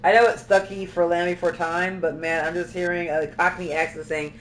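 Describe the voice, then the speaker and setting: A woman's voice: lowish voice, steady tone, brisk, hardly any pauses, slight background noise, low-quality recording. A woman streamer talking in a rambling, chatty way while she plays, swearing casually now and then. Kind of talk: casual gameplay chat.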